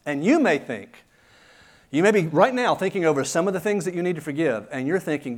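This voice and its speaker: A man's voice: fairly high pitch, lively intonation, fairly quick. Earnest man preaching a sermon. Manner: earnest, conversational preaching with rhetorical questions. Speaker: pastor.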